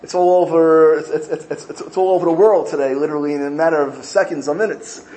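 A man's voice: on the high side, fairly even intonation, quick pace, darkish tone, slight background noise, rough recording. A man teaching a Torah class, telling stories and often repeating and restarting words as he searches for his phrasing. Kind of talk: Torah class lesson with storytelling.

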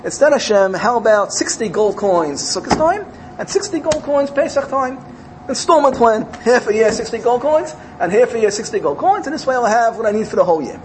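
A man voicing a poor pious man who earnestly bargains in prayer, his pitch rising. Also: expressive, fairly quick, background noise, natural voice. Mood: pleading.

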